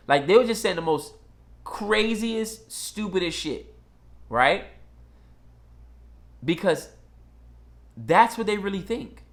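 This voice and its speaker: Blunt, emphatic male commentator, slightly higher voice, casual monologue. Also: expressive, slow pace, long pauses.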